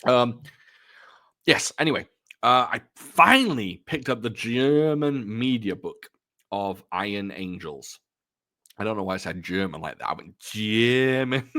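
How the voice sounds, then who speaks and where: Rambling with a lively pitch, an adult man who vlogs about film collecting chats casually while showing off his purchases. His manner is chatty and self-deprecating.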